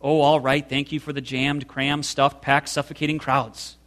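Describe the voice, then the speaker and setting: A man's voice: medium pitch, little pitch movement, normal speed, a bit bright, lightly acted. Man reading alarmed, exasperated Corrie. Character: Corrie, frightened exasperated woman prisoner.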